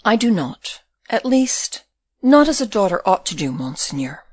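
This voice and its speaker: A woman's voice: medium pitch, big pitch swings, moderate pace, darkish tone, no room sound, studio quality. A woman reading the part of a shy but proud young woman in an audiobook, timid and truthful. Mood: earnest.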